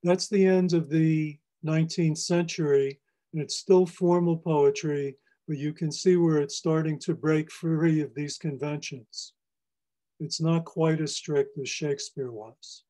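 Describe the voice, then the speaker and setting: Slow, mellow-voiced man lecturing on poetry. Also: fairly high pitch, fairly even intonation. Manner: measured, explanatory, reads lines aloud for emphasis. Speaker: poet and lecturer. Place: public library presentation.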